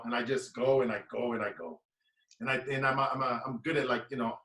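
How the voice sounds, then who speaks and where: A man's voice: medium pitch, pushed and bright. A man, giving a preaching, emphatic motivational talk as a guest speaker. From Brazil. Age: late 30s. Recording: echoey room, mic at a distance.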